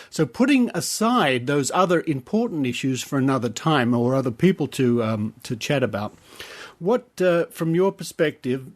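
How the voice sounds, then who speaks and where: A man with an Australian accent hosting a podcast, chatting in a rambling, casual way with fillers. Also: mid-range voice. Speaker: podcast host.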